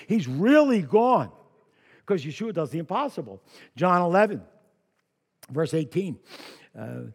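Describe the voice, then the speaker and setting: A male pastor preaching a lively sermon, with personal asides and humor. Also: a little high, husky. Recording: long hall reverb.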